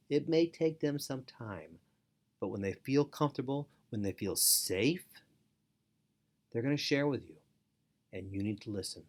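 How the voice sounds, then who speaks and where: A middle-aged man teaching parents in an earnest instructional talk, repeating key phrases for emphasis. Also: lowish voice. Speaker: foster parent and parenting educator.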